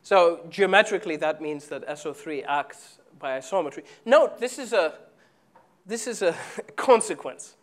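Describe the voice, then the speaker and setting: Halting man giving a chalkboard lecture. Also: a little high, expressive. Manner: halting, full of fillers and restarts while writing. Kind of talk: live chalkboard math lecture. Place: lecture hall.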